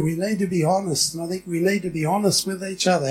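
A man's voice: high-pitched, steady tone, quick pace, few pauses, a little hiss or hum, poor audio. A middle-aged man preaching a sermon in a church, chatty and often asking the congregation questions. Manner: conversational, asks the congregation questions. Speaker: pastor.

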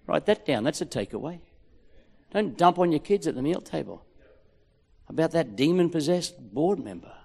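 A man's voice: fairly high pitch, expressive, moderate pace, creaky, pauses often, darkish tone, breathy edge. A man with an Australian accent preaching a rousing, jokey sermon as a pastor, recorded in a large hall. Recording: echoey hall.

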